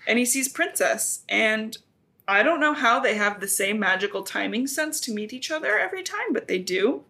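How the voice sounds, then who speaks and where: A woman's voice: fairly high pitch, lively intonation, moderate pace, sharp tone. A young adult woman co-hosting a podcast, recapping a book in chatty, joking, filler-heavy talk. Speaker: podcast co-host. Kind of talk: casual book recap chat.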